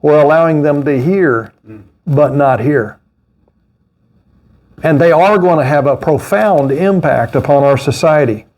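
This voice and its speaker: A middle-aged man preaching a sermon as pastor, animated, with mocking asides and laughter. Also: a little high, a little slow.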